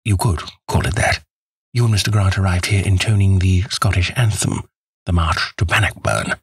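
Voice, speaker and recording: Brief: male narrator doing a cool analytical detective, deep and husky, calm and teasing. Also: moderate pace, no room sound, exaggerated voice. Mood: dry composure. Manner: calm, clinical, faintly teasing.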